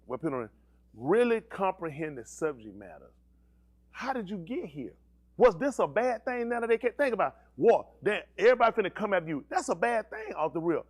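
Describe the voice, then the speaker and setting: A male pastor with a voice that sits high speaks a little fast, animatedly preaching a sermon. He throws call-and-response questions at the congregation and teases them in slang.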